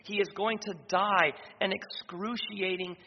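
A man preaching an expository sermon as pastor, restating his points and pausing on fillers. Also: high voice, level tone, gravelly. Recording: dull, slightly noisy reverberant hall.

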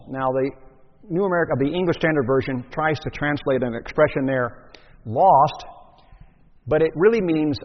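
A man's voice: on the high side, animated, normal speed. A man preaching a sermon, teaching emphatically and posing rhetorical questions to his listeners. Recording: dull sound with long hall reverb.

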